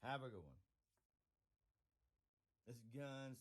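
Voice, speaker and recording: A man hosting a casual workbench vlog, rambling and laughing, breaking into sudden high whoops. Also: animated, a little slow. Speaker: channel host. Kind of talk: casual tool-bench vlog.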